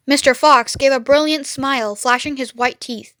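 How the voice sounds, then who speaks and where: Bright-voiced woman reading a storybook aloud. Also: high-pitched, normal speed, no echo, clean studio sound. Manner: clear, expressive reading. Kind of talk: children's read-aloud narration.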